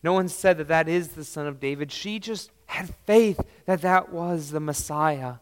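A man preaching a sermon emphatically, swinging between loud declarations and soft, low lines. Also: moderate pace, clean tone, long reverb tail.

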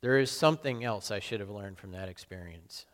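A man playing Peter, a remorseful, brash fisherman and apostle, in a slow, brooding first-person monologue with sudden loud outbursts. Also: fairly low pitch, natural voice. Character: remorseful middle-aged fisherman apostle, brash, guilt-torn. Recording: long hall reverb.

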